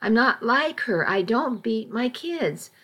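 A woman's voice: fairly high pitch, sing-song, slow pace, a bit bright, exaggerated voice. A bitter, defiant woman who drinks too much, as a woman reader plays her in a storybook reading. She talks with a raised, wounded edge, pushing back at everyone. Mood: defiant, furious. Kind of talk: audiobook reading.

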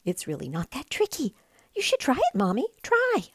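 A woman doing a squeaky little penguin boy. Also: wildly swooping pitch, normal speed, husky, no echo, studio quality, exaggerated voice. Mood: excited. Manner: squeaky, gleeful, breathless. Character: tiny excited young boy penguin.

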